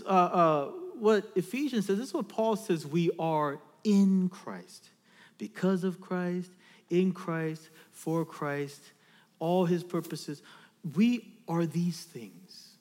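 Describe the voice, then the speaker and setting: A male pastor with a high, very lively voice preaches to his congregation, switching from scripture reading to energetic, hands-on instructions. His voice carries a long reverb from the church hall. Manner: animated preaching with direct audience instructions. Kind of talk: sermon. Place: church sanctuary.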